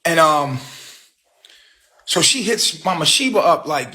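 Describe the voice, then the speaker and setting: A man's voice: fairly high pitch, sing-song, slow, bright, forceful tone. Heated, profane man ranting on a livestream. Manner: streetwise slang. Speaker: livestream host. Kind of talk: casual livestream rant.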